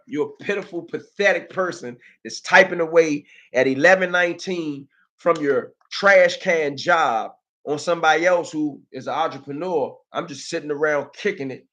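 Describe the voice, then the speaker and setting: Animated, bright-voiced DC man ranting. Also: fairly high pitch, muffled recording. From Washington, DC. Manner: animated, mocking, streetwise banter. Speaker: live-stream host. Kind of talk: live-stream commentary.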